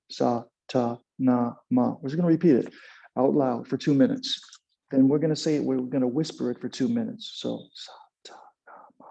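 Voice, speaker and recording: A man teaching a kundalini yoga class, giving calm, unhurried instructions and guiding a chanted mantra with a few fillers. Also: mid-range voice, vocal fry, husky. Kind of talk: guided yoga and meditation instruction. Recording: dull lo-fi sound.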